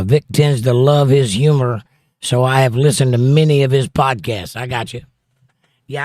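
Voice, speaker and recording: A man's voice: mid-range voice, a little mellow, dry recording, studio quality. Laid-back man reading chat aloud. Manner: reads viewer comments aloud and riffs on them. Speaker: livestream host reading chat. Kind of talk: casual livestream chat.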